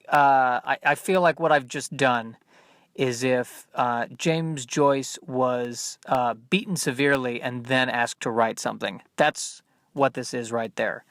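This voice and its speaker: A man's voice: medium pitch, fairly bright tone, no room sound. A man hosting a solo podcast, rambling in a stream-of-consciousness monologue with self-deprecating humor. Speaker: podcast host.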